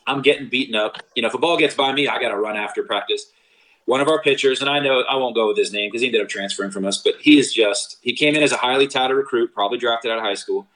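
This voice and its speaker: Animated man telling baseball stories. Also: fast talker, poor audio. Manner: animated storyteller, acts out quotes with big pitch jumps. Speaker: former college baseball catcher telling stories. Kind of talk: casual storytelling chat.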